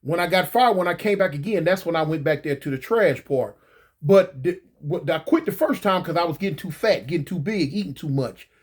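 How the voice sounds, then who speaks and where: A man with a high-pitched speaking voice spins a casual personal story. His talk is slangy and rambling, full of repeated phrases and asides to the listener. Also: lively intonation, a little fast.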